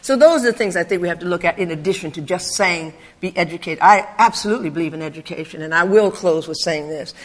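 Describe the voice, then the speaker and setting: An older woman from Philadelphia giving a public talk, telling her personal story in a conversational, animated way. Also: fairly low pitch, fast, few pauses. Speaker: speaker.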